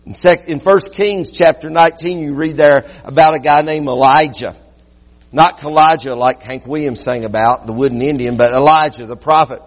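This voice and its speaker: A pastor preaches a sermon, swinging between loud, quick bursts and low, slow passages. The sound is that of a big room.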